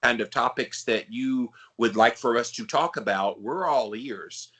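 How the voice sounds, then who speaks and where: A man's voice: mid-range voice, moderate pace, bright, forceful tone, husky. A man with a polished South Carolina Southern accent, co-hosting a casual podcast in a friendly, chatty way with plenty of fillers. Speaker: podcast co-host.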